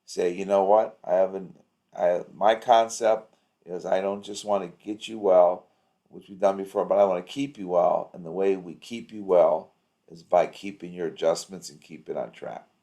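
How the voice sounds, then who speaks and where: A man with a very low voice talks through a video call. He coaches in a loose, rambling way, piling up anecdotes and upbeat encouragement. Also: fairly even intonation, normal speed, dark tone. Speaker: practice coach. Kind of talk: casual coaching chat.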